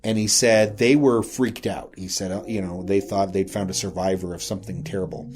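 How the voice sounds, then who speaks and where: Low-voiced man telling a ghost story casually. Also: steady tone, fairly quick, darkish tone. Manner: rambling, retells with frequent "he said" and "you know". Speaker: guest recounting a local ghost story.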